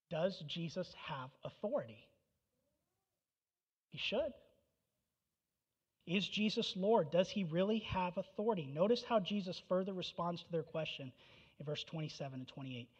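Man, pastor, sermon, higher voice, rhetorical questions, muffled lo-fi recording. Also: breathy edge. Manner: rhetorical questions, citing verses.

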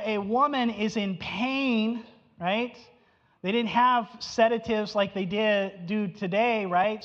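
A man's voice: high voice, fairly bright tone, in a large hall, highs cut off. A man preaching an expository sermon, emphatic, repeating phrases and asking his listeners questions.

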